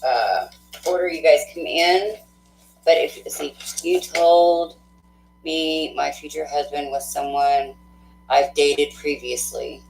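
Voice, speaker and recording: A woman hosting a live tarot stream, chatting casually with viewers, effusive and quick to laugh, thinking aloud with fillers. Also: low-pitched, fairly even intonation, gravelly, darkish tone, echoey room, a little hiss or hum, poor audio.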